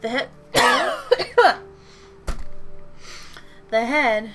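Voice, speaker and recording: A woman's voice: a little high, animated, drawn-out words, fairly bright tone. A young woman at home, tired after work, rambling in a jokey, self-deprecating way as she chats while drawing. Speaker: channel host. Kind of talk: casual chat while drawing. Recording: music playing behind.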